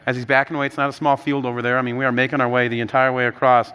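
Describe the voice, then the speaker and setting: A man in his thirties preaches in a storytelling way, his voice climbing and louder when excited and sinking soft and low for serious points. His tone is bright and forward. The sound carries the long tail of a large church hall. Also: rapid-fire, clean tone. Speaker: pastor. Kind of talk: sermon.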